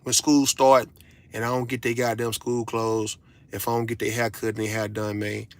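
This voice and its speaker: A man speaking at an ordinary pitch, delivering a blunt, profane rant straight to his audience. He lectures like a father, circling back to the same phrases to hammer each point home. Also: level tone, moderate pace, no echo. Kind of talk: casual ranting monologue.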